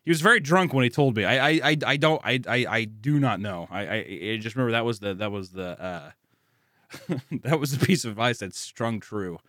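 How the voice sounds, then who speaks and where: A man's voice: medium pitch, lively intonation, fairly quick, a bit bright, no room sound, studio quality. A man who is a guest on a podcast, chatting casually, stammering and laughing as he rambles. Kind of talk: casual chat.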